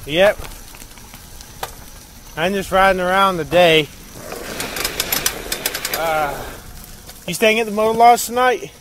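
A man's voice: sits high, takes it slowly, long pauses. A man talking in a crude, rambling, profane way while driving around at night. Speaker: vlogger. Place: in a car outdoors at night. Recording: night insects and road noise behind.

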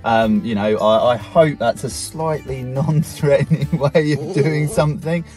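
A man's voice: mid-range voice, moderate pace, hardly any pauses, darkish tone, soft background music. A man vlogging about vanlife, a chatty, self-deprecating storyteller. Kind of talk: casual storytelling chat.

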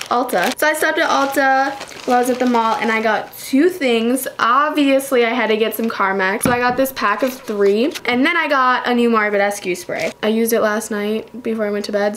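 Chatty young woman vlogger, bit high. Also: a little hiss or hum. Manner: chatty, lots of fillers like "like" and "um". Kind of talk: casual vlog chat. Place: bedroom at a makeup vanity.

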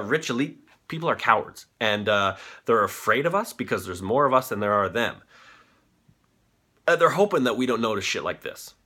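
A man's voice: mid-range voice, sharp tone. A man in his thirties hosting a comedic news commentary show, ranting with profanity while on cold medication. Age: 30s. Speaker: host.

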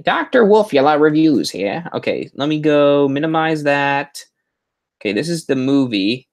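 A man chatting his way through a casual live stream as its host. He rambles and keeps up a running stream of self-mocking asides, in an ordinary voice that is neither high nor low. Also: lively intonation, unhurried. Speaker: host of a Halloween prop channel live stream.

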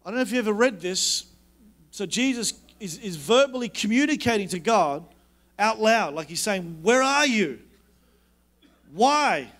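High-voiced man preaching. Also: lively intonation, normal speed, fairly bright tone. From Australia. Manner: conversational, joking, builds to fervent emphasis. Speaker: guest preacher. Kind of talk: conference sermon.

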